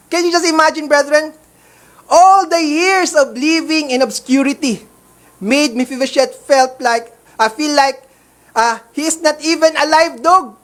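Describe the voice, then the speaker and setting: A woman's voice: high-pitched, moderate pace. A woman preaching a sermon, often calling her listeners brethren and checking in with them. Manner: calls listeners brethren, keeps checking in with okay.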